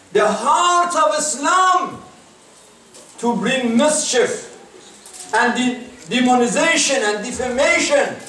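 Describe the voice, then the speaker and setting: A man's voice: extremely high pitch, a bit bright. A man preaching an impassioned, emphatic sermon as an imam, his exclamations rising as he presses his points. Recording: very echoey hall, mic at a distance.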